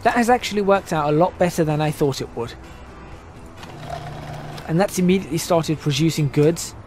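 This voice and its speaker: A man talks through his game as he plays, musing and self-correcting as he works out the numbers. His voice sits a little higher than most men's and drifts in and out from his microphone. Faint music plays behind him. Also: moderate pace, darkish tone. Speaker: gaming channel host. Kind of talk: casual gameplay commentary. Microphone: desk microphone, voice drifting in and out.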